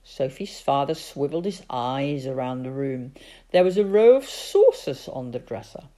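A woman reading a children's story aloud, expressive and dramatic, with hushed asides. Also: very deep voice, moderate pace.

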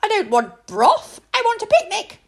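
A woman voicing an excitable, stubborn little girl princess with a shrill, whiny manner in a storybook read-aloud. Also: normal speed, vocal fry, full character voice.

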